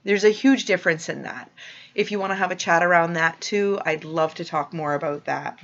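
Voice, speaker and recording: A woman giving a spiritual teaching talk to listeners, speaking in a slow, soothing, affirming way. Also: fairly low pitch, fairly bright tone. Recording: dull lo-fi recording.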